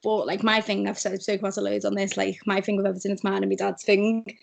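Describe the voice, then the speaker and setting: A woman's voice: medium pitch, fast, gravelly. A young woman with a strong Scouse accent, chatting as a guest over a Skype audio call. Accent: Scouse (Liverpool). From Liverpool, England. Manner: chatty, animated storyteller. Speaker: guest, radio producer. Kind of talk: casual chat.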